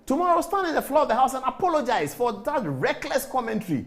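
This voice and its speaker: A man's voice: very high-pitched, animated, quick pace, few pauses, a bit bright. A man with a Ghanaian accent hosting a TV commentary show, impassioned and emphatic, hammering his points with repetition. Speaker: TV show host. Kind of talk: studio commentary.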